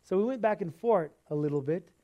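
Middle-aged male preacher, casual storytelling sermon, a bit high-pitched and warm. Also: a little fast, lo-fi sound. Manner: conversational storytelling, animated quoting.

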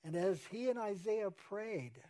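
A man's voice: high-pitched, big pitch swings, a little slow, dark tone. A man, a pastor, preaching an earnest sermon and repeating key phrases for emphasis.

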